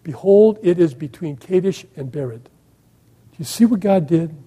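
Husky-voiced man preaching conversationally. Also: a little high, expressive, a little slow, mellow. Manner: conversational, asks the listeners questions, sarcastic asides. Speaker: pastor. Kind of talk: sermon.

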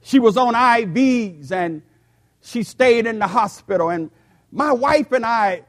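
Here an older pastor, a man in his sixties with a fairly high voice, delivers a sermon with lively intonation. His pace is slow and deliberate, and he sometimes doubles words while speaking to the congregation.

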